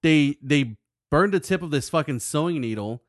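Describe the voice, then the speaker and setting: A man's voice: on the high side, animated, moderate pace, dry recording, clean studio sound. A man co-hosting a casual podcast, telling profane stories and acting out quotes. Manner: profane storytelling, acts out quotes. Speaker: podcast co-host. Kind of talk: casual chat.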